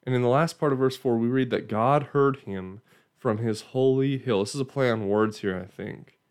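A man's voice: medium pitch, moderate pace, a little mellow, clean tone. A man giving an informal Bible teaching in a conversational way, often checking in with "right?" and restarting phrases.

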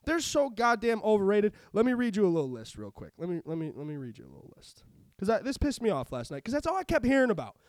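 Male podcast host, high voice, profane and animated, dry booth. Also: fast talker, no room sound. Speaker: sports betting podcast host. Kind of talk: casual chat.

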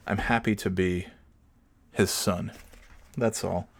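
A man's voice: sits low, fairly even intonation, slow, vocal fry, no room sound. A man hosting his own podcast from home, telling rambling stories in a casual, profane, self-deprecating way. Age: adult with children. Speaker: podcast host. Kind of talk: casual solo podcast storytelling. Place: home recording setup.

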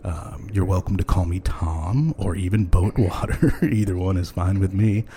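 A male podcast host with a deep, warm voice talks at a moderate pace. His chat is loose and rambling, full of ums and uhs, and he chuckles often.

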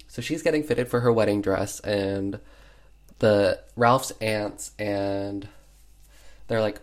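A film reviewer recapping a movie in casual chat, full of fillers and sarcastic asides. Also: medium pitch.

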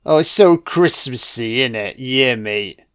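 A man's voice: lively intonation, measured pace, smooth, dry recording, studio quality, lightly acted. A man voicing a laid-back, friendly male snowman who keeps calling everyone mate. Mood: pleased. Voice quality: mumbled, low, chummy with lots of "mate".

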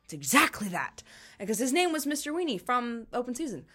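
A woman's voice: a little high, sing-song, brisk, a bit bright. A young woman co-hosting a podcast, telling stories in a casual, giggly way and swearing freely. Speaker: podcast co-host. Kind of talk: casual chat.

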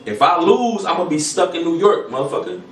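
A man who is a guest battle rapper, telling stories in a casual podcast chat, animated and swearing a lot. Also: high-pitched, fairly quick. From Toledo, Ohio. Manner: animated, swears a lot, acts out quoted voices. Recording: echoey room, mic far off, faint noise.

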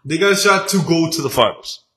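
A man's voice: on the high side, lively intonation, a little fast, pushed and bright. A man co-hosting a casual sports podcast, teasing and heckling his friends in loose slang. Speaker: podcast co-host.

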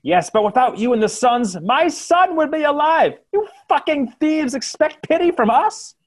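A man voicing angry townsfolk who shout insults at prisoners. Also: very high-pitched, animated, moderate pace, voice pushed up. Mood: furious. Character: angry shouting civilian crowd voices.

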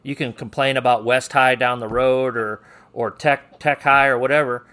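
A man's voice: mid-range voice, fairly even intonation, moderate pace, sharp tone. A man hosting a coaching podcast in an easygoing, chatty way, teasing his guest and reading out a quote of the day. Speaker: podcast host. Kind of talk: casual podcast interview.

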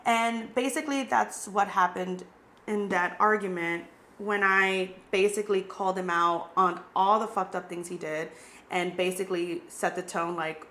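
A woman's voice: medium pitch, fairly even intonation, normal speed, fairly bright tone. A young adult woman hosting a podcast, telling a personal story in a candid, casual way, full of "like" fillers and swearing. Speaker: podcast host.

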